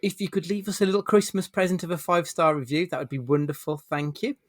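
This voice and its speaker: A man's voice: on the high side, quick pace, dry recording, clean studio sound. A man hosting a casual film podcast, joking and swearing freely while he leads the chat. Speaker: podcast host.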